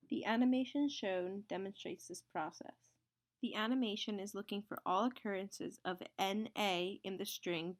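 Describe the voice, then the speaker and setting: A young woman student reads a prepared technical explanation at an even, steady pace. Her voice sits mid-pitch with a noticeable gravelly fry running through it. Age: young adult. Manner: steady, scripted reading. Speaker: student presenter.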